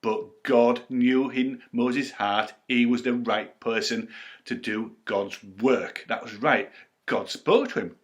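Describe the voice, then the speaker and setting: A man telling a Bible story to children at a church storytime, expressive and addressing the children directly. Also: mid-range voice, slow.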